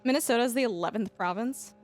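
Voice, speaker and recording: Brief: woman streamer from Canada, higher voice, giggly casual banter. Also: fast talker. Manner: giggly, animated, laughs often between remarks. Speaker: livestreamer. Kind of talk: casual chat while playing a game live.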